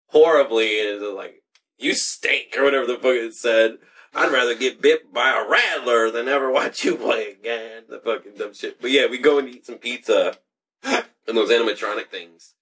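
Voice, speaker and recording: A young man with a mid-range voice, recorded far from the mic, engages in casual, profane banter. He laughs often and tells animated stories packed with swearing.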